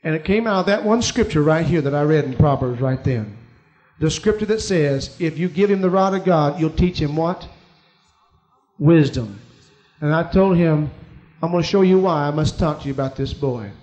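A man's voice: on the high side, expressive, moderate pace, a little mellow. A man preaching a sermon, telling a personal story to his congregation and rising to emphatic peaks.

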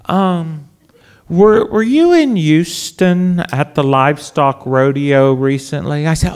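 A man, a priest, telling a lively story to an audience and acting out the other voices, now and then shouting. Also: fairly high pitch, a little slow, clear, resonant tone. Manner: animated storyteller, acts out voices, shouts bids. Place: resort event hall.

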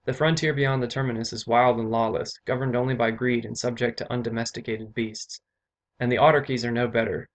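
Stern commanding earl, loud and firm, read by a male narrator. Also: medium pitch, close to an everyday voice.

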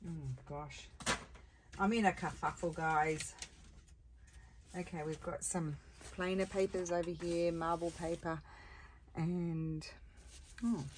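A woman hosts a relaxed crafting video and talks to her viewers as she works. Her voice sits a little low, and she rambles cheerfully between tasks. Clear clicks and rustling can be heard behind her. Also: slight background noise. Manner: chatty, rambling, talks to viewers while working. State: has the hiccups. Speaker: crafting channel host. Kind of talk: casual chat while crafting.

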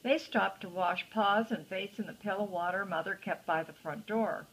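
Older woman, husky, storybook read-aloud with friendly asides to a young listener. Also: mid-range voice, normal speed, low-quality recording. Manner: gentle, chatty asides to the child. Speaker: storyteller grandmother. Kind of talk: reading a picture book aloud to a child.

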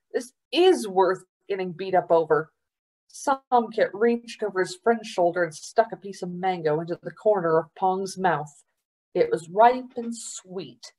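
Unhurried woman reading a story aloud. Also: medium pitch. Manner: unhurried, expressive. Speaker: library storyteller.

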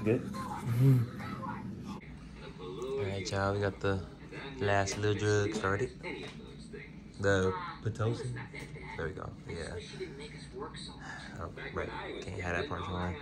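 Laid-back low-voiced young man vlogging. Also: fairly even intonation, slow pace, pauses often, a loud crowd. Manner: laid-back, slangy, talks to viewers. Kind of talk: casual vlog in a hospital room. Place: hospital room.

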